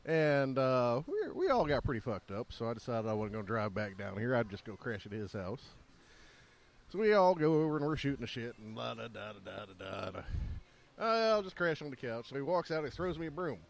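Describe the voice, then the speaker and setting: A laid-back man sharing profane anecdotes in an easygoing podcast chat. His pitch moves around a lot as he talks, and it sits in an ordinary middle range. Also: sing-song, a little fast, gravelly. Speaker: podcast co-host. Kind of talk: casual chat.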